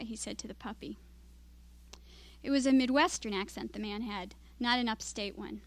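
A woman writer reading her own fiction aloud at a literary evening, in steady, measured storytelling. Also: fairly high pitch.

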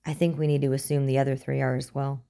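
A woman's voice: extremely low pitch, flat delivery, fast talker, vocal fry, warm tone. Woman voicing a blunt female squad commander. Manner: curt, commanding.

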